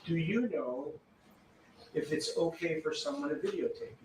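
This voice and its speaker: A man working as an attorney, pressing a witness with measured yes-or-no questions in a courtroom. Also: a little high, animated. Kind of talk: courtroom cross-examination. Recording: distant mic in echoey courtroom, noisy.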